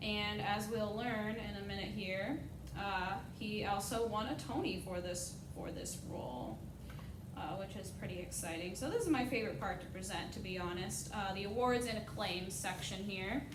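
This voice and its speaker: Enthusiastic woman presenter, far off. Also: moderate pace. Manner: enthusiastic, filled with frequent uhs. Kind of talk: casual class presentation. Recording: echoey, distant mic, noisy rumble.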